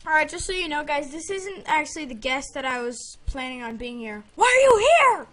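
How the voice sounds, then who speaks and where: A young gaming host chatting casually over gameplay, excitable and rambling with lots of fillers. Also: female voice, high voice, fairly quick. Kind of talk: casual game commentary.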